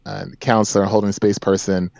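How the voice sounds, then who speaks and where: A man's voice: lowish voice, flat delivery, moderate pace, creaky, a little mellow, no room sound. A man in his forties, a podcast guest, telling a personal story in an earnest, emphatic way with repeated phrases. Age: 40s. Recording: dry, dull lo-fi sound.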